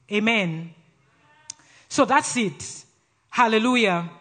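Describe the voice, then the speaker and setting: Nigerian guy preaching, loud and brash, high bright voice. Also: unhurried. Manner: brash, forceful, laughs often between phrases. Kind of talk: sermon.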